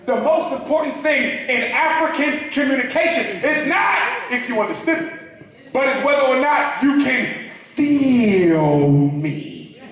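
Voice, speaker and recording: Man with a really high voice preaching to a crowd, big echoey hall, picked up from far off. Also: a bit bright. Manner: preacherly, call-and-response with the crowd. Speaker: speaker at a public talk. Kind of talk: lecture to a live audience. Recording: echoey hall, mic from afar.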